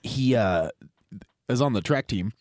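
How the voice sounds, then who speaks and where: A man's voice: medium pitch, lively intonation, a little slow, a little mellow, dry recording, clean studio sound. A man co-hosting a comedy podcast in laid-back casual chat, riffing on jokes. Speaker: podcast co-host.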